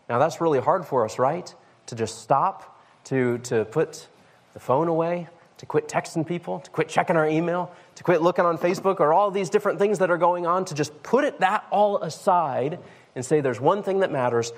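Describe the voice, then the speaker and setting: A man's voice: on the high side, moderate pace. A male pastor giving a conversational sermon, reading scripture and questioning the congregation.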